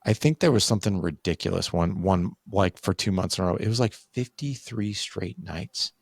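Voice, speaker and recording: A man's voice: sits low, moderate pace, vocal fry, no echo, clean studio sound. A man in his forties, a podcast guest, telling a candid family story in casual conversation and acting out what people said. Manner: candid, animated, acts out quoted dialogue.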